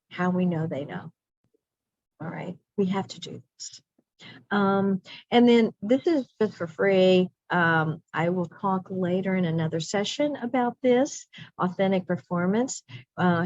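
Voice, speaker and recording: A woman's voice: mid-range voice, darkish tone, no room sound. A middle-aged woman leading a teacher training lesson in a chatty way, repeating phrases for emphasis. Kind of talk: professional development lesson. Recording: dull lo-fi dry sound.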